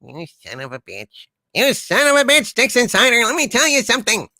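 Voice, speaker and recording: A man's voice: high voice, very animated, normal speed, pushed and bright, no echo, voice pushed up, exaggerated voice. A man voicing a boastful male otherworldly destroyer trapped in a force field, blustering and threatening doom. He speaks with a dry, close sound. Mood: furious.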